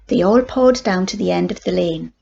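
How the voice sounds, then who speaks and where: An older woman, a grandmother, reading a children's book aloud in steady, plain narration. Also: lowish voice, normal speed, vocal fry, husky, lo-fi sound. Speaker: grandmother storyteller.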